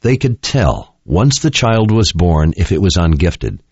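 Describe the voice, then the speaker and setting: A man reading a fantasy novel aloud in an expressive, dramatic style. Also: deep voice, unhurried, breathy edge, no room sound. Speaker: audiobook narrator. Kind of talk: scripted narration. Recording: dull lo-fi dry recording.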